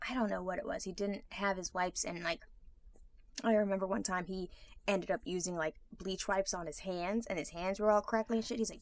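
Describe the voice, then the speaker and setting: A woman co-hosting a podcast, telling stories in an animated, casual way with frequent swearing. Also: medium pitch, brisk. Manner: animated storytelling with frequent profanity and laughter. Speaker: podcast co-host. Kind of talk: casual chat.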